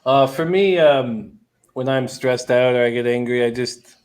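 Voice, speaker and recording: A man's voice: medium pitch, a little slow. A man on a betting show panel, giggly and teasing. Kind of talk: live betting show chat.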